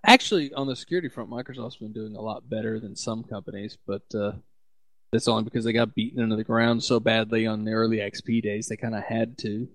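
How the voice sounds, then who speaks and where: A man's voice: lowish voice, steady tone, fast, a bit bright, dry recording. A man hosting a casual tech podcast, sardonic, laughing often as he reads news items aloud. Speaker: podcast host.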